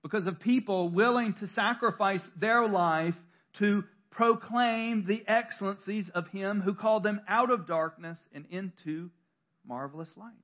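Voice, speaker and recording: A man with a high voice delivers a sermon in a church. His style is conversational and self-deprecating, with stories, restarts and laughter. The recording is dull and lo-fi. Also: measured pace. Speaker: pastor.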